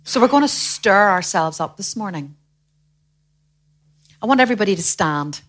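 A woman preaching a sermon in a lively way, acting out the voices of the people she quotes. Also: mid-range voice, moderate pace. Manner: animated, acts out quoted voices.

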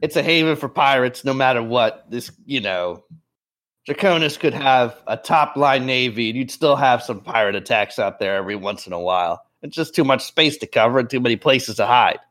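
A man's voice: medium pitch, normal speed. Guy running a tabletop game, rambly briefing, kinda sick and throaty. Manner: relaxed, rambling briefing with filler words. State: a bit sick, clearing throat. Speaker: game master. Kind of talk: voicing a military chief in a tabletop game.

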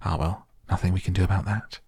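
Willy Wonka, a deep gravelly chocolate maker, as a man reads him. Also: steady tone, fast, warm tone, no echo. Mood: offhand. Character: eccentric cheerful male chocolate maker.

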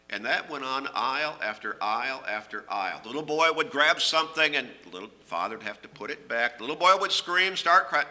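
A middle-aged man preaching a sermon, earnest and emphatic, rising on key phrases and dropping low at the ends. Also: lively intonation, a little fast, sharp tone.

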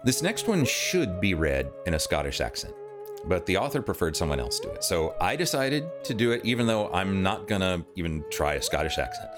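A man hosting a story reading, introducing a comic tale and reading it with animated character voices. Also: a little fast, music in the background. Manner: animated, swings into high put-on voices. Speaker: host and story reader.

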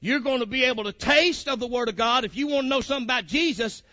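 A man's voice: extremely high pitch, quick pace, sharp tone, dry recording. A man preaching a sermon, fiery and colloquial, calling out to his congregation. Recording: muffled lo-fi recording.

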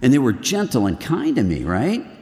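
Lively, earnest male preacher in a hall. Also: medium pitch, normal speed. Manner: lively, earnest preaching that swings between loud and hushed. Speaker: men's ministry speaker. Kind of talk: sermon.

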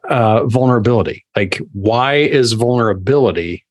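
A man's voice: medium pitch, lively intonation, normal speed. A man hosting a podcast interview, asking questions conversationally with repeated starts. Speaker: podcast host. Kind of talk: casual interview.

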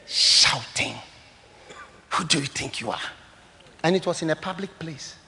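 A pastor preaches in a high, animated voice. He tells stories with emphasis, rising to loud declarations and dropping to quiet asides. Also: measured pace, vocal fry, a little hiss or hum. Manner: emphatic, storytelling, swings between loud declarations and hushed asides. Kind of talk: sermon.

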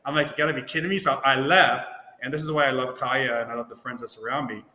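A man's voice: medium pitch, fairly even intonation, fairly quick, pushed and bright. A man from Ontario, a guest, telling anecdotes in casual chat and acting out the dialogue he quotes. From Ontario, Canada. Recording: roomy echo with long reverb, faint noise.

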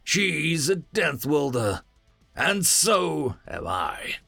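A man voicing a cold, calm soldier who threatens slowly and flatly. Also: a little high, vocal fry, breathy edge, no echo, soft background music, pitched above the performer's own voice, heavily acted. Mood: menacing. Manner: slow, flat menace.

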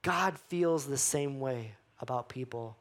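A man pastor preaching a sermon, acting out the voices he quotes and dropping to hushed emphasis. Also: medium pitch, slow.

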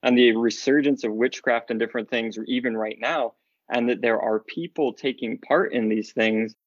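A man's voice: medium pitch, moderate pace, no echo, dull audio. Earnest man in casual faith chat. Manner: earnest and lively, laughs often. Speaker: podcast guest.

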